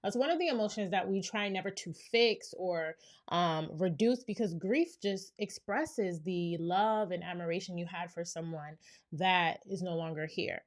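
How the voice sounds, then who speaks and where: A woman therapist talks through a reaction video, her voice sitting a little low. She explains each point step by step and tosses in "right?" as she goes. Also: normal speed. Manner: reflective, explains step by step, many "right?" asides. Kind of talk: reaction commentary.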